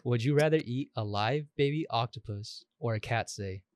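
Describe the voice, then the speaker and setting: A man co-hosting a casual podcast, animated and jokey, swearing freely. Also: mid-range voice, moderate pace, no room sound. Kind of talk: casual chat.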